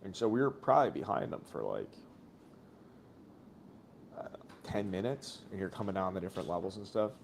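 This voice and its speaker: A man's voice: deep voice, sing-song, a little fast, gravelly, pauses often, a little hiss or hum. A man co-hosting a casual sports stream, telling a long rambling story full of swearing and acted-out quotes. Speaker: podcast co-host watching a game.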